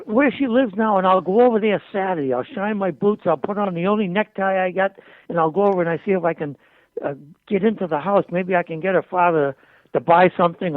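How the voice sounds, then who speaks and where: A man's voice: sits high, no room sound. Older man telling stories, tinny line. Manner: colorful, animated anecdotes with quoted dialogue. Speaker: interview guest. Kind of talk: storytelling in a conversation. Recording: dry, tinny phone-like audio.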